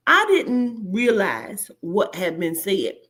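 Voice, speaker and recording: A woman's voice: mid-range voice, sing-song, slow pace, fairly bright tone. A woman, delivering brash, profane, mocking reaction commentary as a host. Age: 40s.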